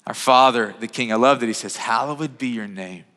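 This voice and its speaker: A man's voice: mid-range voice, moderate pace, bright, forceful tone. A man in his thirties preaching a sermon in a conversational way, often restarting and repeating words. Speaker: pastor. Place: church sanctuary. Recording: reverberant hall.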